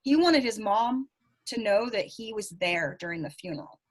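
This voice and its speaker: Animated Southern woman telling stories. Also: mid-range voice, moderate pace. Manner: animated, acts out quoted voices. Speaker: psychic medium guest. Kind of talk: casual storytelling interview.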